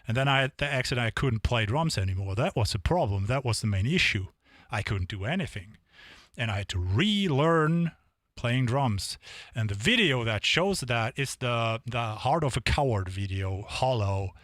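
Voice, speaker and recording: Man, drum streamer, casual rambling chat, mid-pitched voice, dry sound. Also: fairly bright tone, dry recording. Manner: chatty, rambling between songs. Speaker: drumming live streamer.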